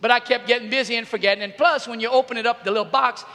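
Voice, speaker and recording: Animated middle-aged male youth speaker, high and bright, reverberant arena sound. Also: very fast. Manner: animated, bursts into shouts and laughs. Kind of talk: comic storytelling to a live audience.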